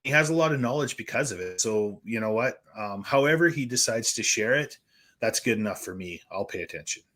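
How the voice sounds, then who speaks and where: A podcast host with a low, forceful voice. He speaks frankly and at length, piling up opinions in a loose, conversational ramble. The talk stays casual throughout. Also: animated, a little fast. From Canada.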